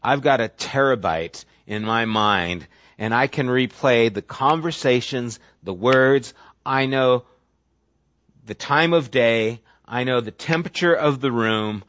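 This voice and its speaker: A man's voice: mid-range voice, measured pace, no room sound. Conversational man preaching a sermon. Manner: conversational, animated, acts out quoted voices. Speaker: pastor. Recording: dry, dull lo-fi sound.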